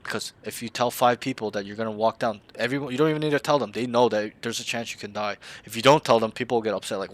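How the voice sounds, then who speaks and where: A man's voice: medium pitch, fairly even intonation, fast, hardly any pauses, a bit bright. A man coaching a player in a casual game review, blunt and slangy, often swearing.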